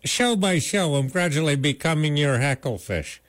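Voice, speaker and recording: A man co-hosting a podcast, talking in a dry, measured way and dropping in wisecracks. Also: fairly high pitch, animated. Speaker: podcast co-host. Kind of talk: casual chat.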